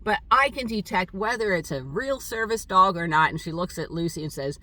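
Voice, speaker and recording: An older woman telling a rambling, halting story in a casual vlog monologue, with many fillers. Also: lowish voice, pushed and bright, recorded from a distance. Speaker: vlogger. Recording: voice set back from the mic.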